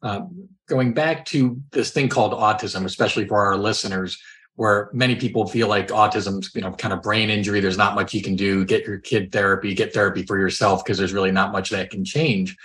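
Male podcast host, lower voice, conversational and reflective. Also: fairly even intonation, fairly quick, fairly bright tone. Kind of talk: podcast interview.

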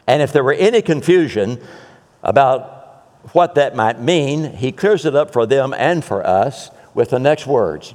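A male pastor preaching a sermon, emphatic, with dramatic repetition and pauses. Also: mid-range voice, animated, big-room sound.

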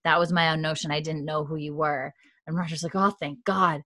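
A woman recapping a TV episode in casual chat, quoting characters' lines in a hushed voice and saying "like" a lot. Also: fairly even intonation, brisk, dry recording, studio quality. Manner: retells dialogue in a hushed, lowered voice with frequent "like". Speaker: podcast co-host recapping a TV episode. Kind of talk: casual chat, retelling scenes with quoted lines.

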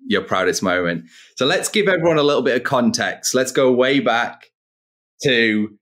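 A man's voice: medium pitch, lively intonation, moderate pace, a bit bright. A male podcast host who opens the interview in an upbeat way and hypes up his guest. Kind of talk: casual interview.

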